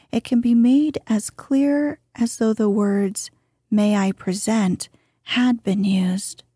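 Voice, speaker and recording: A woman narrating a bedtime story in a soft, hushed voice that at times drops to a whisper. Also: a little high, slightly rough, dry recording, studio quality. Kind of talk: slow soothing bedtime reading.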